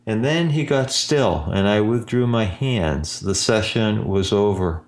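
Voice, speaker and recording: A man hosting a show as an energy healer, telling a client story in a slow, drawn-out way. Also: lowish voice, animated. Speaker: energy healer radio host. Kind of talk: storytelling monologue. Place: Austin, Texas.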